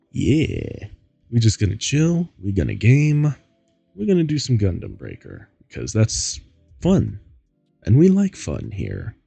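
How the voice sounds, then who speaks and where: A man's voice: lowish voice, creaky, dark tone, slightly rough, no echo. A goofy, giggly man hosting a laid-back gaming stream and rambling to chat, a bit tired from poor sleep. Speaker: streamer host. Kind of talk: casual chat while gaming.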